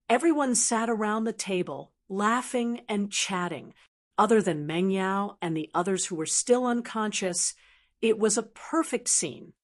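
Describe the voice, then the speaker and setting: Woman reading an audiobook, steady even narration, middle voice. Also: medium pitch. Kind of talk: scripted narration.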